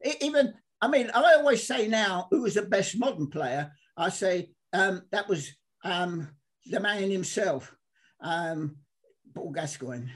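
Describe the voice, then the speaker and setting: An older man from telling animated, rambling stories as a guest, acting out the people he quotes. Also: high voice, measured pace. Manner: excitable, rambling, acts out quoted dialogue. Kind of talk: animated storytelling.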